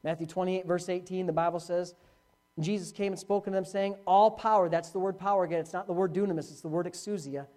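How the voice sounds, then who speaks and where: A man preaching a sermon as pastor, telling a story with swings from loud to hushed. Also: high voice, fairly even intonation, fast.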